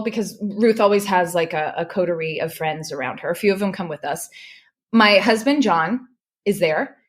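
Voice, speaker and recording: Middle-aged woman, emotional storyteller, animated, mid pitch, restarts a lot. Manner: animated, restarts when moved. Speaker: podcast guest, correspondent.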